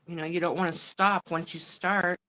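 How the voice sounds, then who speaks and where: A woman's voice: fairly low pitch, fairly even intonation, normal speed, bright, forceful tone, slight background noise, poor audio. A woman hosting a casual crafting livestream, chatty and swearing casually as she works. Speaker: livestream host. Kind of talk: casual chat while crafting.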